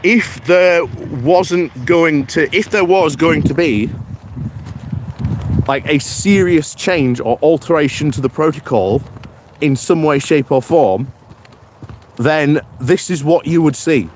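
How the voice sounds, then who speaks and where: A man's voice: a little high, slight background noise. A British man hosting a political live stream, chatting casually and reading out viewer comments in a rambling way with many fillers. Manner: slow, rambling, with frequent fillers.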